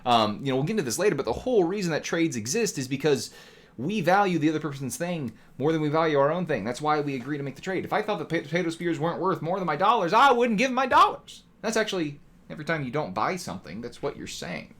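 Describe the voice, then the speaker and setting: A man's voice: on the high side, big pitch swings, fast, a bit bright. Chatty man lecturing to his chat. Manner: talkative, rhetorical "right?" tags, mock voices. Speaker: streamer teaching economics. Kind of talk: casual lecture to live chat.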